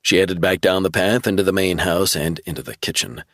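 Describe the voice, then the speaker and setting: A man's voice: deep voice, a little fast, fairly bright tone, no echo, studio quality. A man narrating a thriller audiobook in a dramatic storytelling read. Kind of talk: scripted narration.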